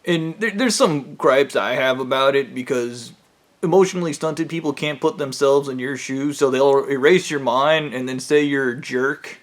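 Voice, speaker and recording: A man's voice: mid-range voice, moderate pace. A man telling a rambling story from his own life in a casual, profane way, with plenty of fillers. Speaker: vlogger.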